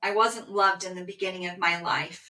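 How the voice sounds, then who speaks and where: A woman voicing a sweet, anxious male rescue dog, relaying his words slowly and tenderly in the first person. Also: fairly low pitch, steady tone, pushed and bright. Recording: roomy echo.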